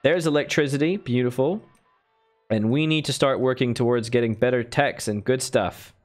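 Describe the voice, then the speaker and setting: At a moderate pace and medium pitch, a man gives casual live-stream commentary on a strategy game with faint music behind. He chats while thinking aloud and thanks his viewers with sudden enthusiasm.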